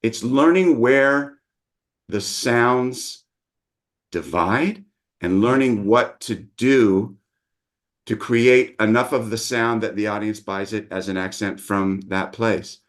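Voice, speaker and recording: A man's voice: on the low side, slow pace. A middle-aged man, a dialect coach, patiently explaining his teaching methods in an interview.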